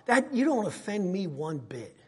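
A middle-aged man preaching a sermon in a church, repeating his phrases and swinging from soft asides to shouts. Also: high voice, big pitch swings, moderate pace, breathy edge. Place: church sanctuary. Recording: long hall reverb.

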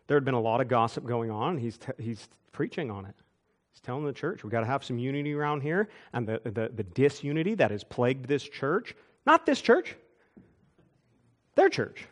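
A man preaching a sermon, telling church stories with quick asides and chuckles. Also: medium pitch. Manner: animated storytelling with asides and chuckles. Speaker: pastor. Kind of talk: storytelling sermon.

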